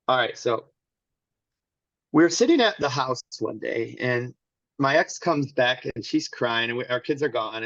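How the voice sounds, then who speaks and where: A man's voice: mid-range voice, fairly bright tone, dry recording, highs cut off. A man as an interview guest, candidly telling a personal story in a rambling way with many restarts. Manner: rambling, restarts often, acts out quotes.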